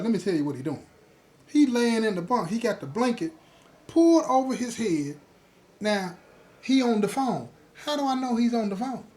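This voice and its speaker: A man casually telling a story from his own life, talking straight to his listeners and checking that they follow along. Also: sits high. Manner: lively, acts out the others in his story. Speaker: host telling his own prison stories.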